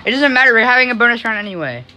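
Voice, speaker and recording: A woman chatting casually while playing an online game, talking along and breaking into excited cries. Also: fairly high pitch, racing, heavy background noise. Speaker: gamer.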